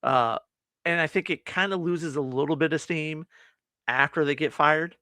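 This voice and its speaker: A man co-hosting a laid-back movie review chat, his voice bright and forward, recorded close and dry. He rambles through the plot and acts out the lines of the characters as he goes. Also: a little high, normal speed, clean tone, dry recording. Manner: rambling, retells scenes with quoted lines. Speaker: podcast co-host.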